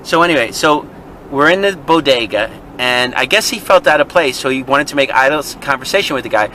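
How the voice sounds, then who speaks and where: Chatting casually in traffic from his car, a male vlog co-host rambles through a story, laughing frequently. His medium-pitched voice is animated, brisk, pushed and bright, on a rough recording.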